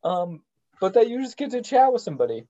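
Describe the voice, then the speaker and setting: Podcast dude, mellow kinda high voice, jokey, lots of restarts, dull lo-fi sound. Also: male voice, sing-song. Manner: joking, halting with restarts. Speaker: podcast co-host. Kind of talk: casual chat.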